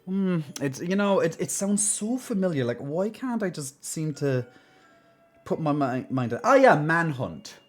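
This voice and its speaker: A man's voice: fairly high pitch, lively intonation, unhurried, faint music behind. A man chatting casually and playfully to his live-stream viewers, full of fillers and restarts, and at times putting on a mock-solemn tone. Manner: mock-solemn when playing up sad news.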